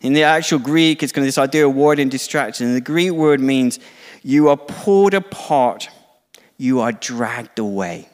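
A man's voice: medium pitch, expressive, normal speed. Middle-aged man preaching in an echoing hall. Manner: conversational, self-deprecating, acts out quoted dialogue. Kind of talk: sermon.

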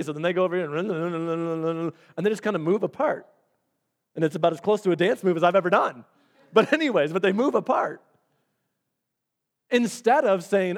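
A man's voice: high-pitched, moderate pace. A man preaching a sermon as a pastor, talking conversationally and acting out little dialogues. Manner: animated, conversational, acts out dialogue.

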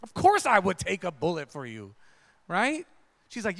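A man's voice: high voice, huge pitch swings, normal speed, vocal fry, fairly bright tone, long reverb tail. A man preaching a conversational sermon, often checking in with the congregation. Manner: conversational, asks the crowd "right?" often. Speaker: pastor.

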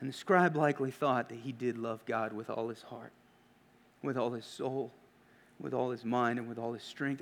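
A man preaching a sermon in an earnest, questioning way, often dropping to hushed emphasis. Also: mid-range voice, fairly even intonation, moderate pace, vocal fry.

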